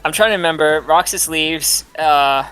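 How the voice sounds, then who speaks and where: A man's voice: fairly high pitch, normal speed, bright, forceful tone. A man casually retelling a game's story, rambling and swearing, often laughing. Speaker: host retelling a game's plot. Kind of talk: casual drunk chat.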